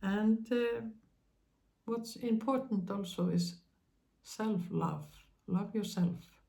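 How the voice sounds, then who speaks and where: Woman, spiritual channel host; slow, halting monologue, mellow and gravelly, gently reassuring. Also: mid-range voice. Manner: slow, halting, with many pauses and fillers; speaks to listeners with tender reassurance.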